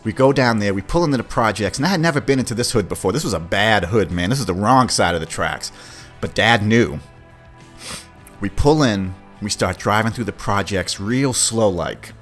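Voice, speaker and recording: A middle-aged man, hosting a podcast and telling a story from his childhood in a casual, animated way, swearing freely. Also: fairly low pitch, normal speed. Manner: animated, swears, acts out quoted voices. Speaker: podcast host. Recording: faint music behind.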